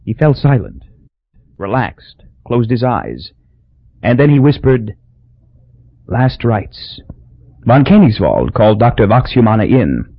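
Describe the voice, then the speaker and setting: A man reading a novel aloud as audiobook narrator, expressive and storytelling. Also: medium pitch, slightly rough, no room sound. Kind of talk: scripted narration. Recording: dull dry lo-fi recording.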